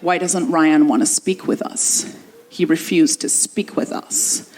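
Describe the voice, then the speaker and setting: A woman voicing stern male church elders with a Canadian accent, speaking slowly in a low, menacing tone. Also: steady tone, a little mellow, poor audio.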